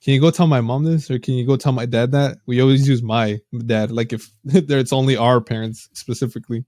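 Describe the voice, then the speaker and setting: A man co-hosting a podcast in relaxed casual chat, tossing in slang like "bro". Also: medium pitch, a little fast, no echo, clean studio sound. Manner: relaxed, chatty, says "bro". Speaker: podcast co-host.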